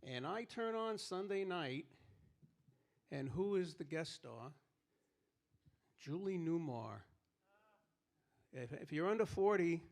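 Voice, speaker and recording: A man performing a live stand-up routine on stage, telling stories and acting out the people in them. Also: high-pitched. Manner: storytelling, acting out quoted characters. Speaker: stand-up comedian. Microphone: handheld stage microphone.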